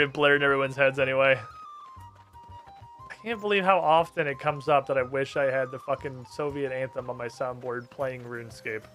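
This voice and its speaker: A young man streaming a game, commenting casually with lots of swearing and excited outbursts. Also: medium pitch. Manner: profane, excitable, reads game text aloud.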